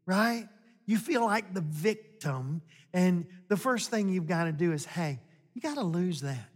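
A man's voice: high voice, animated. A man preaching a sermon, talking to the congregation in a conversational way and building to emphatic points. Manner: slow, conversational, rising to emphatic exhortation. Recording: long hall reverb.

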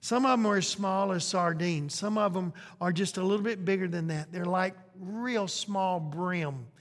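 A man's voice: high voice, normal speed. A man preaching a sermon, questioning his congregation and stretching out phrases for emphasis. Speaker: pastor. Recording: long hall reverb.

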